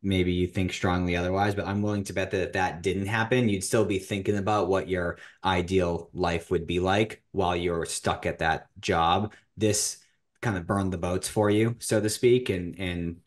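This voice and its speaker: A man's voice: low-pitched, fairly even intonation, normal speed. A man hosting a podcast interview, asking long questions with frequent restarts and rambling asides. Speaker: podcast host. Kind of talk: casual interview.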